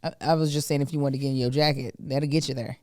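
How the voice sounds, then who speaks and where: A middle-aged woman co-hosting a podcast, chatting casually with an animated, teasing manner. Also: extremely low pitch, fast, no room sound, clean studio sound. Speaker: podcast co-host. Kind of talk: casual chat.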